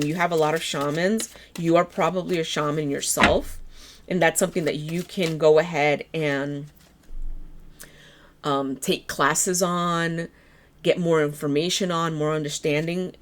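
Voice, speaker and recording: Low-voiced, slightly hoarse tarot reader woman. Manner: gentle and encouraging. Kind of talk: tarot reading.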